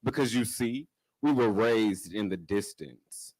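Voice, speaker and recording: A man's voice: fairly low pitch, a little slow, darkish tone, no echo, poor audio. First-time man reading a spoken-word poem. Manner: nervous, self-joking first-timer, rhythmic swells in delivery. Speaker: open mic poet. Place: live open mic venue. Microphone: stage microphone.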